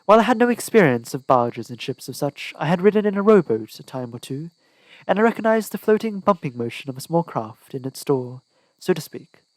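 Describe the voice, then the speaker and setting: A man's voice: on the high side, very animated, brisk, no echo, poor audio. A man narrating an audiobook in the first person with a dramatic, tense delivery. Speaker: audiobook reader.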